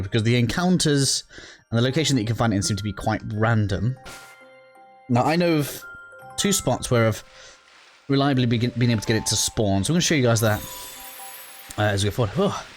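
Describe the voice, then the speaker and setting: A man's voice: mid-range voice, lively intonation, fast talker, soft background music. A man giving a casual, rambling walkthrough of a video game, with lots of fillers and restarts, a little out of breath. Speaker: gaming YouTuber. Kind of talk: casual gameplay walkthrough commentary.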